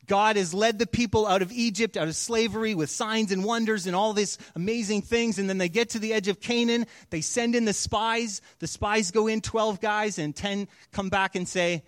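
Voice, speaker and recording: A man's voice: high-pitched, fairly even intonation, moderate pace, few pauses, no echo, studio quality. A man preaching a sermon, telling stories in a conversational, casual way. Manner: conversational storytelling. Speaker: pastor.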